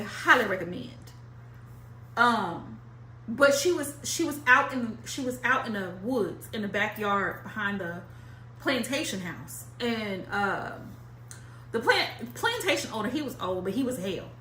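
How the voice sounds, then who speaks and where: Speaking casually and directly to her viewers, a woman discusses tarot in a high, bright voice, using slang, blunt emphatic repetition, and the odd swear. Her reading echoes noticeably in the room.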